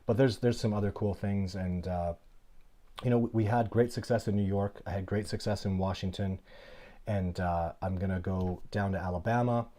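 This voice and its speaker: A middle-aged man hosting a casual live Q&A, telling stories in an animated, blunt, plainspoken way. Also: low voice, moderate pace. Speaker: host of a livestream Q&A.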